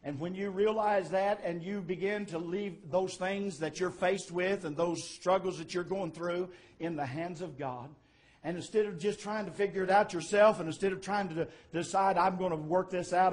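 A man preaching a sermon, swelling to emphatic, louder passages and dropping to quiet asides. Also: sits high, moderate pace.

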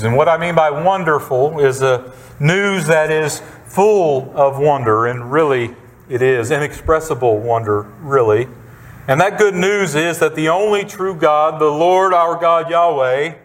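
A man preaching a sermon, reading scripture and explaining it in a deliberate, emphatic way, repeating his key phrases for weight. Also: on the high side. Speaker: pastor.

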